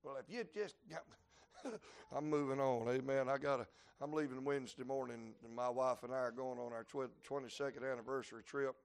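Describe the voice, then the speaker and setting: A man, preaching a sermon to a congregation. He moves between quiet, folksy asides and shouted climaxes. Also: mid-range voice, flat delivery, brisk, gravelly, clear, resonant tone. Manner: folksy humor, plainspoken dialect. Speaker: traveling preacher. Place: church building before a congregation.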